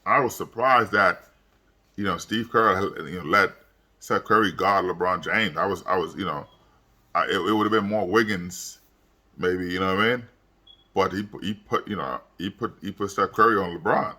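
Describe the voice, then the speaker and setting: A young man with a low voice that still has a bright, forceful edge, talking through a late-night sports recap. He sounds worn out and keeps stumbling over fillers and repeats as he rambles. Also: moderate pace. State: tired, yawning late at night. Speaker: sports vlogger. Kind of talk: casual sports commentary vlog.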